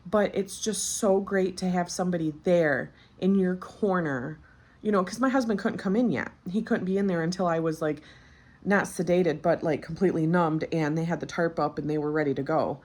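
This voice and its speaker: A woman in her thirties, recently postpartum, shares a personal story as a vlogger, chatty and candid and packed with fillers. Her voice sits lowish and a little mellow, moving at a normal speed in a casual storytelling style.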